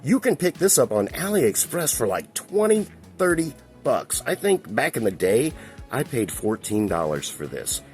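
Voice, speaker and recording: Handling a collectible figure, a man reviews it in a loose, chatty way, wandering off on tangents and chuckling occasionally. His mid-range voice is sing-song and unhurried, over soft background music.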